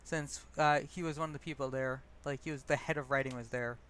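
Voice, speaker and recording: A man's voice: medium pitch, steady tone, a little fast, a bit bright, clear, resonant tone. A young man casually telling stories and reading his own poetry, rambling and self-deprecating, with many fillers and restarts.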